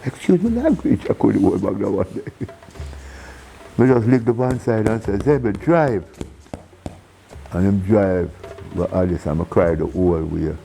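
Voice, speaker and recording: A man with a Jamaican accent spins stories in a relaxed interview, his voice sitting low and warm. He is animated and theatrical, slipping into the voices of the people he describes and breaking into laughter. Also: unhurried, vocal fry, pauses often, a little hiss or hum, low-quality recording. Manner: animated storyteller who acts out quoted voices and laughs often. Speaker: reggae singer being interviewed. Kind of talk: casual storytelling in an interview.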